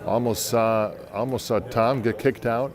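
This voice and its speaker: A man's voice: medium pitch, steady tone, measured pace, crowd noise. A man doing live play-by-play for an amateur hockey game, folksy and joking between plays.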